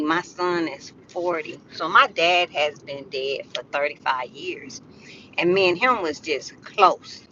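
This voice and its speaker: An older woman talks slowly and unhurriedly to her livestream viewers, drawing out her words. Her voice is bright and a little sharp. It comes through a phone with slightly dull, muffled audio. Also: on the low side, slight background noise. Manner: slow, drawling, talks straight to her viewers. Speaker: live streamer. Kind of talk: casual livestream chat.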